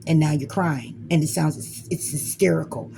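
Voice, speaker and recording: A spiritual reader talks straight to the listener in a blunt, emphatic motivational monologue, swearing freely and slipping into quoted voices to act out inner arguments. The voice has a gravelly, fry-laced edge, and a faint hiss sits beneath the recording. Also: mid-range voice, normal speed. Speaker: spiritual reader giving a message.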